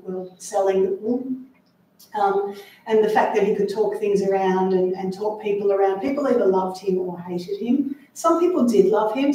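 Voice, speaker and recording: A woman author speaking to a library audience, lively and chatty with wry asides, recorded from far off in an echoey room. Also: medium pitch, slight background noise. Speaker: author giving a library talk. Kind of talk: talk and audience Q&A.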